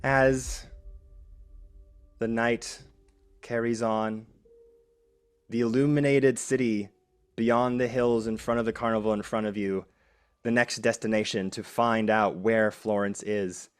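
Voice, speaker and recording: A man hosting as game master, with measured narration of the game and lively thanks to his players. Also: on the low side, clean tone. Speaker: game master and show host. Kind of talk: narrating a tabletop game, then thanking guests.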